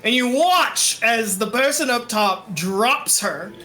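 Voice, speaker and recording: A man narrating a tabletop game as game master, playful and animated. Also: very high voice, takes it slowly, soft background music.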